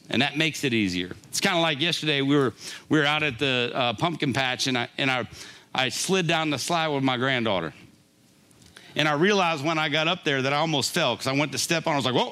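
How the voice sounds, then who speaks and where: A man's voice: a little high, sharp tone. An older man preaching a conversational sermon, often laughing and checking in with a "right?". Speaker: pastor.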